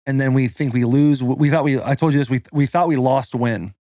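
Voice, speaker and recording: Speaking briskly in a dark, mid-range voice, a man in his thirties hosts a podcast and recounts something personal in a casual, profane way, stuffed with "like" fillers. The sound is studio quality with no room sound.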